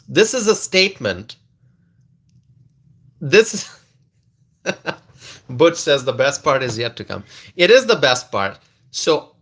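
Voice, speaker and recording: A man hosts a casual political livestream, commenting to live viewers in a high, bright, forceful voice. His delivery is slow and drawn out, with many restarts, frequent laughter and lines repeated for effect.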